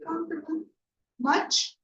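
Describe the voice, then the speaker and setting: Her voice is very high and a bit bright, steady in tone and slow as she gives an online English grammar lesson from a room. She keeps patiently asking "yeah?" and "right?" to check understanding, heard through roomy, distant, dull lecture audio.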